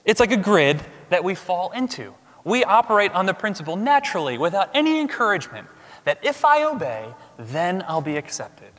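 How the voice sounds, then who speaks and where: Emphatic preacher in a reverberant hall. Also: male voice, sits high, very animated, normal speed. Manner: emphatic, swings from loud declarations to hushed asides. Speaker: pastor. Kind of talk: sermon. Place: church sanctuary. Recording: long reverb of a large hall.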